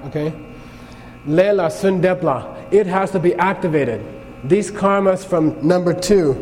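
A man's voice: high-pitched, a little mellow, a little hiss or hum. A man teaching a Buddhist class, telling stories in a conversational way and often checking in with his students. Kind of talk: classroom lecture with anecdotes. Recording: long hall reverb, faint ambience.

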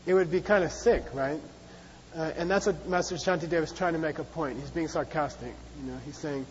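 A man's voice: on the high side, a little fast, slight background noise. A man teaching a Buddhist class in a chatty, repetitive way, playfully acting out sarcastic voices. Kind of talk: dharma class lecture. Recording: dull, reverberant hall.

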